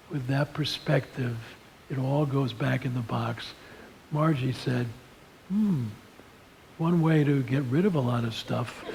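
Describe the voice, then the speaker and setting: A man giving a talk at a seminary lunch seminar, telling stories in a folksy, animated way. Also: a little high, gravelly, a little hiss or hum, low-quality recording. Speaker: speaker at a seminar. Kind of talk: storytelling talk on leadership and faith.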